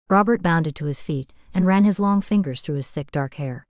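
Woman reading an audiobook, steady and measured, lowish voice, dry close sound. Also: no echo. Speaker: audiobook narrator. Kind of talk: scripted narration.

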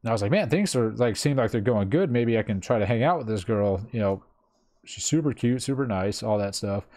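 A man's voice: lowish voice, lively intonation, fairly quick, mellow. A man in his thirties telling a personal story in casual chat, rambling with lots of fillers and swearing freely. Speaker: streamer.

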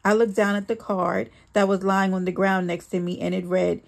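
A woman's voice: mid-range voice, level tone, moderate pace, gravelly, few pauses. A woman reading a first-person memoir aloud, with a dramatic, earnest storytelling manner. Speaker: audiobook reader.

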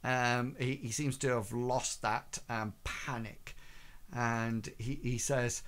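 A man's voice: medium pitch, fairly even intonation, slow, fairly bright tone. A man narrating as game master in a tabletop game, hesitant and full of fillers.

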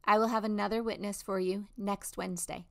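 A woman host introduces testimonies and closes with scripted devotional words. Her voice sits at a middle pitch. She speaks earnestly and encouragingly to her listeners. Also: flat delivery, fairly quick, gravelly, fairly bright tone. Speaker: host of a faith testimony show.

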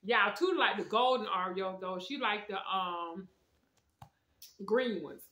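A woman's voice: medium pitch, takes it slowly, pushed and bright. A woman casually reviewing snacks at home, chatting straight to her viewers with lots of slang. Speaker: food review vlogger. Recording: echoey room.

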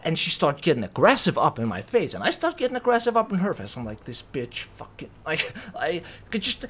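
A young man telling a storytime vlog, animated and profane, who keeps checking in with "right?". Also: on the high side, a little fast, slightly rough. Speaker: vlogger.

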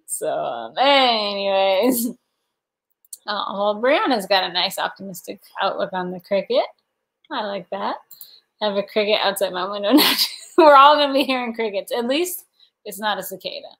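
A woman's voice: medium pitch, expressive, normal speed, fairly bright tone. Giggly woman chatting on a livestream. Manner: giggly, rambling, reads viewer comments aloud. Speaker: livestream host. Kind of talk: casual livestream chat.

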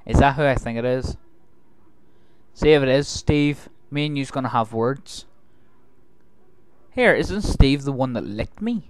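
A man's voice: mid-range voice, expressive, a little slow, pauses often, clean tone. A man recording let's play commentary, joking and talking back to the game's characters. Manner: jokey, talks back to game characters. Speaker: gaming video host.

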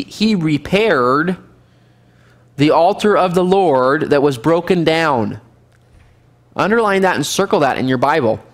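A man teaching a casual Bible survey class as pastor, lively and animated, acting out scenes now and then. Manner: lively, animated, acts out scenes with sudden high shouts and laughs. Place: church fellowship room.

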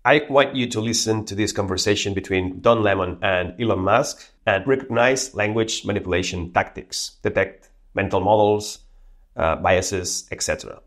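A man's voice: lowish voice, normal speed. A man hosting a tech video, casually walking through a demo and giving spoken prompts to an AI assistant. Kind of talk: casual screen demo narration.

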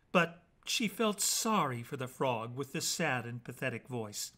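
A man reading children's bedtime stories aloud in an animated, playful way with dramatic pauses. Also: medium pitch. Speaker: storyteller.

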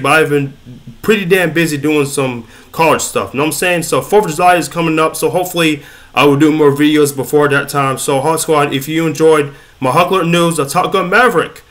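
A young man hosting a casual news vlog, reading a story and then rambling excitedly in slang, often stumbling over his words. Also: fairly high pitch. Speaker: YouTube news host.

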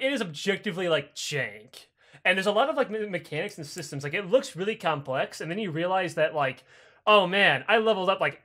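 Young male podcast co-host, high bright voice, profane rambling, does goofy character voices. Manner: rambling, profane, acts out game dialogue in silly voices. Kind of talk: casual chat.

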